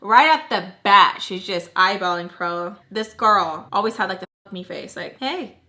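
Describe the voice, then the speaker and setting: Bright-voiced woman telling a story. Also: medium pitch, moderate pace. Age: 30s. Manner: chatty and dramatic, leaning on fillers. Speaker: storytime vlogger. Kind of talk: casual storytelling.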